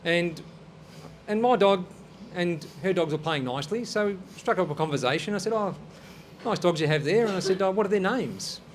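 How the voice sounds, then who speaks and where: A man with a high-pitched voice hosts a comedy show and tells jokes in an easygoing, hesitant way. A faint hiss of noise sits behind him. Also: lively intonation, normal speed. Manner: easygoing, hesitant storyteller with filler words. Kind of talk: casual joke telling and show hosting. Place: on stage.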